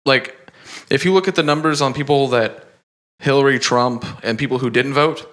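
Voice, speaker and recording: Man, podcast co-host, bright voice, rambling, swears a lot, loose casual chat. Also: mid-range voice, moderate pace. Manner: rambling, profane, with many fillers.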